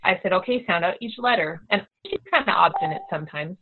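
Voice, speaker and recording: A middle-aged homeschooling mother telling a story in a casual, animated way, acting out the voices of the people she quotes. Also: on the low side, brisk, slightly rough. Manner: animated, acts out quoted dialogue. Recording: tinny phone-like audio.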